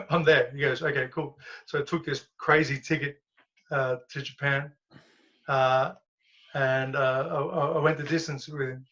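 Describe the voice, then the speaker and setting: A man, a guest and former professional fighter, telling stories in a casual, animated way, laughing and swearing as he goes. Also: medium pitch, a little slow, dull audio. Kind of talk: casual storytelling.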